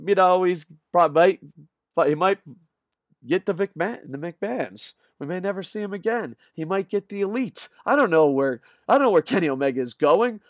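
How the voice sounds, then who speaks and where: A man ranting in a rambling, profane fan vlog, tired and punch drunk, swinging from loud shouts to low mutters. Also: lively intonation, normal speed, no echo, clean studio sound. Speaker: wrestling vlogger. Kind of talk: excited fan vlog rant.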